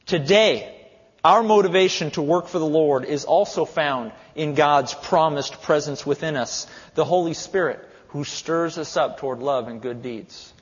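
A man's voice: on the high side, unhurried, husky. A male pastor preaching a sermon in a church, with an emphatic, repetitive cadence. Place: church sanctuary. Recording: echoey hall, dull lo-fi sound.

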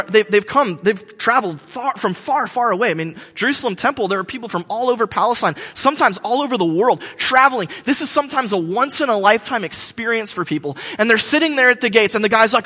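A pastor in his thirties delivers a sermon in a church hall with a long reverb tail, his high, bright voice fast and pushed. He tells jokes and stories, with plenty of fillers and restarts.

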